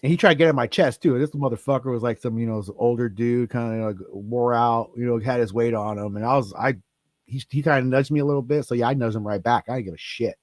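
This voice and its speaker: Brief: male host, mid-pitched, animated and profane storyteller, dry close mic. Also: fast, no echo. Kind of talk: casual chat.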